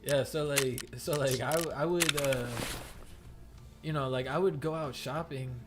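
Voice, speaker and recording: Young man, game streamer, mid-pitched voice, rambling casual story, lots of fillers and cursing, game music under. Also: fairly even intonation, measured pace. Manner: rambling, heavy "like" fillers, swearing. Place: home gaming setup.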